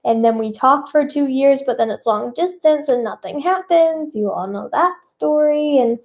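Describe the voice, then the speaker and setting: A woman's voice: high-pitched, lively intonation, normal speed. A young woman singer answering fan questions in casual chat, bubbly and self-conscious, with many fillers.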